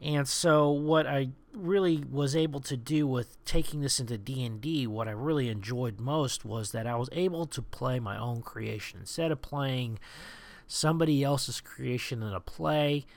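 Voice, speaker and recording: A man's voice: mid-range voice, normal speed. A man hosting a show, talking through roleplaying tips in a chatty, rambling way, with lots of "you know" and "uh". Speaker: podcast host giving roleplaying tips. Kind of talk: casual tips monologue.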